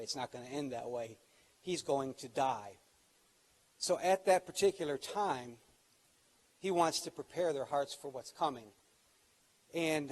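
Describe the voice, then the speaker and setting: A middle-aged pastor with a fairly high voice delivers a sermon in a relaxed, conversational manner. He talks to his listeners directly and grows louder and higher when he quotes scripture. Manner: conversational preaching, rises in pitch and volume on quoted scripture.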